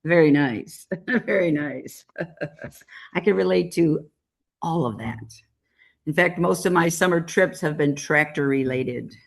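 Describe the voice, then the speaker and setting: A woman's voice: sits low, slow, creaky. A woman chairing a club meeting, chatty and a little hesitant as she introduces each role.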